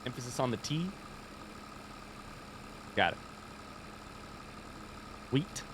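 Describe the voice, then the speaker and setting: A man's voice: medium pitch, animated, moderate pace, noisy background. Easygoing man with an Indiana accent. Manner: thinks aloud, reads chat, chatty and easygoing. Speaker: streamer. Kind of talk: casual live-stream chat while gaming.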